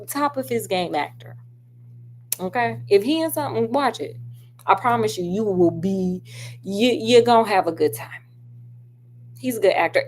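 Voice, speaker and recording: A woman gives a loose, animated film review. She talks straight to her viewers and wanders into asides as she goes. A faint hum sits under her mid-range voice. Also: medium pitch. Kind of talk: casual chatty film review. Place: at home doing crafts.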